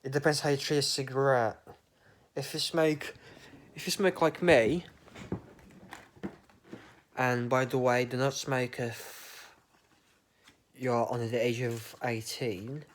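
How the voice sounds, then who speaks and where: A man's voice: mid-range voice, steady tone, measured pace, long pauses, a little hiss or hum. A man, rambling through an absurd, meandering monologue with casual swearing. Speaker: vlogger.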